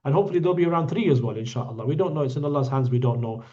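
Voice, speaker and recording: Speaking very fast in a dark, medium-pitched voice, a man leads a hajj group's online Q&A. His manner is blunt and joking with a scolding edge, and the recording is dull and lo-fi.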